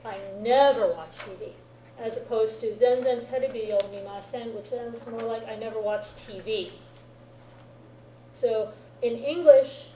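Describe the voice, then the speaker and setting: A woman's slightly high, mellow voice explains grammar to her students in a classroom lecture. She keeps checking that they follow her, and the room around her is roomy and echoey. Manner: checks understanding often with "right?" and "okay?". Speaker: Japanese language teacher.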